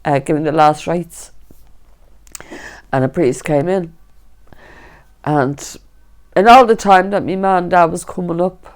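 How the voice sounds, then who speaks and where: A woman's voice: lowish voice, fairly even intonation, unhurried, pauses often. A middle-aged woman with a Dublin accent, giving a personal testimony in an interview and telling her story vividly, acting out the voices of others. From Dublin, Ireland. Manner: vivid storytelling, reenacting voices, frequent "right?". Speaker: interviewee, fire survivor.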